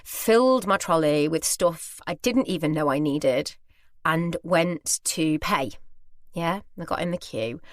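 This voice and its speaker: A woman's voice: sits low, lively intonation, unhurried, no room sound, clean studio sound. A British woman in her thirties hosting a podcast, telling a personal story in a chatty, candid, self-deprecating way. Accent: British English. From Britain. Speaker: podcast host.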